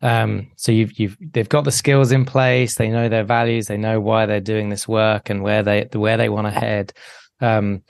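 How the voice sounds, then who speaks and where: A man hosting a podcast interview, asking questions in a relaxed, hesitant way. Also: lowish voice, normal speed, gravelly, no room sound. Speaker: podcast host. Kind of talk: conversational interview.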